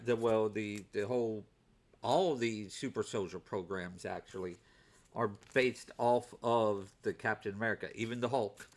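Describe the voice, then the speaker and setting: A man casually talking through his week's comic purchases, with many fillers and repeated words as he goes. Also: mid-range voice. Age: adult working overnight shifts. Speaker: comic book vlogger. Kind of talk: casual unscripted show-and-tell.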